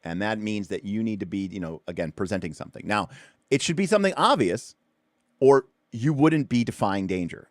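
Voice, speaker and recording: A man's voice: on the low side, animated, a little fast, no echo, studio quality. A man hosting a tabletop game livestream, explaining rules in a loose, rambling way with lots of fillers and restarts. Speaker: tabletop RPG show host.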